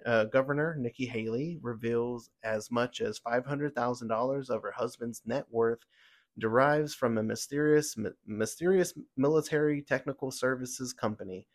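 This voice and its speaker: A male podcast host at a mid pitch delivers a fired-up rundown of the week's news. He stumbles and restarts often, leaning on fillers as his frustration builds. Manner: heated, ranting, with many fillers and restarts. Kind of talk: opinionated news commentary.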